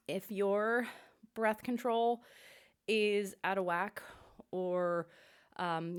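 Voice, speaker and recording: A middle-aged woman vocal coach leading a warm-up lesson with upbeat, encouraging instructions. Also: mid-range voice, smooth.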